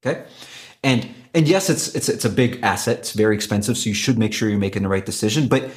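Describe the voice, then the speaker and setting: A man who is a company executive, pitching his product in an animated, emphatic way with frequent restarts. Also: quick pace. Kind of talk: conversational business pitch.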